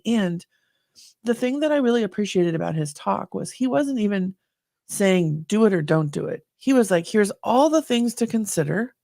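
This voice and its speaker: A woman's voice: medium pitch, darkish tone, no echo, clean studio sound. A woman co-hosting a candid podcast conversation, talking with effusive, emotional enthusiasm. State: slightly choked up. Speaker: podcast co-host.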